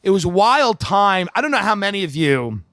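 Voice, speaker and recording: Casting: comedian host, higher man's voice, dry close sound, rambling storyteller. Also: fairly quick, no room sound. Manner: rambling, animated anecdote telling.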